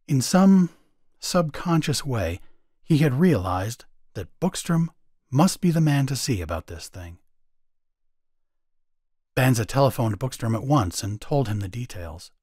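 A man's voice: medium pitch, darkish tone, no room sound. A man narrating a science fiction story with dramatic expression on his podcast. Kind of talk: story reading.

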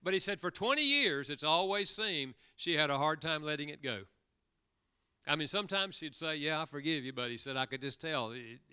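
A man's voice: a little high, pushed and bright, smooth. A man preaching a sermon in a church, telling stories and acting out quoted lines, sometimes repeating words as he goes. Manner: storytelling with acted quotes. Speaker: guest speaker.

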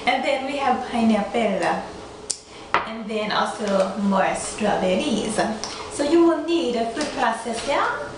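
A woman's voice: fairly high pitch, lively intonation, takes it slowly, background noise. A woman hosting a home cooking demonstration in her kitchen, playfully putting on a mixed accent and laughing at herself. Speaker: cooking show host. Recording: echoey kitchen, mic far off.

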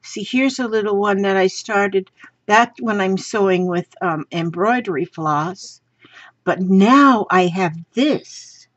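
A craft vlogger chats to viewers from her home craft room in a casual unboxing, gushing and excitable as she handles and shows off craft supplies. Her voice is medium-pitched and slow, with no room sound and a slightly dull lo-fi recording.

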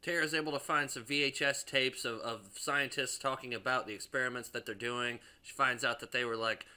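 A man's voice: medium pitch, steady tone, a little fast, pushed and bright, smooth. A young man casually reviewing a movie, rambling and profane, with lots of restarts and filler words.

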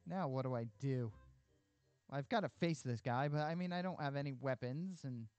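A male game streamer talks casually while playing, quick to poke fun at himself. His voice sits at a middle pitch, with soft music playing behind. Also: no echo. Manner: self-deprecating, chatty. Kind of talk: casual live gameplay commentary.

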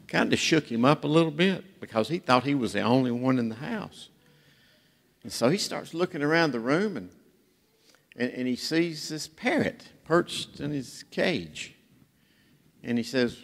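A man's voice: fairly high pitch, lively intonation, moderate pace, gravelly, fairly bright tone. A man preaching a sermon in a church, telling jokes and stories in a folksy way. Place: church sanctuary. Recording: reverberant church hall.

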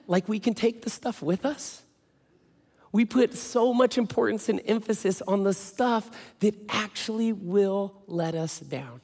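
A man's voice: high-pitched, a little mellow. A male pastor giving a sermon in a casual, joking storytelling way. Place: church. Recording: echoey church hall.

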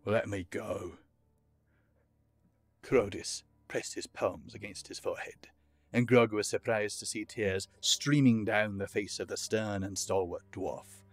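Low-voiced guy narrating a fantasy audiobook, measured and expressive, quiet music under it. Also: no echo.

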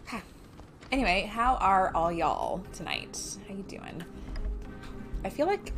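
A woman's voice: on the low side, expressive, normal speed, faint music behind. A woman chatting casually and swearing freely while streaming a game, often poking fun at herself. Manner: chatty, profane and self-mocking. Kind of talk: casual live gameplay chat.

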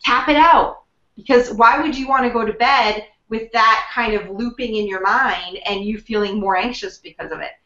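A woman's voice: fairly high pitch, normal speed, pushed and bright. A woman guest on a wellness show, explaining things conversationally, full of fillers and restarts. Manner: chatty, many fillers and restarts. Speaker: guest, emotional wellness coach. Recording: dull lo-fi sound in a roomy space.

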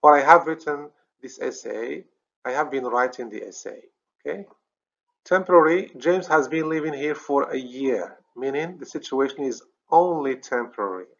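A man's voice: mid-range voice, moderate pace, vocal fry, a bit bright, lo-fi sound. A man with a Moroccan accent teaching a recorded grammar lesson, explaining step by step, often checking "okay?" and correcting himself. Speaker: English teacher.

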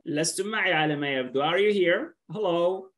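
Speaking at a fairly low pitch, this Arabic-speaking woman patiently teaches English during an online lesson on a video call. She says words slowly and more than once, dropping into Arabic to clarify.

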